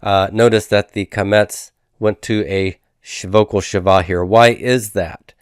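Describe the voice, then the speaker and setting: Guy teaching grammar, low smooth voice, dry close mic, drills words slowly. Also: steady tone, no echo. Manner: patient, explanatory, repeats and drills forms. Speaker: Biblical Hebrew teacher. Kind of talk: recorded grammar lecture.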